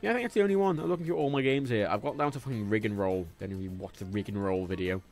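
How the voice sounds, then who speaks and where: A young English man with a faint Liverpool twinge chats on a gaming livestream, his fairly low, slightly mellow voice racing along. He rambles, swears freely and hops between topics while faint game music plays.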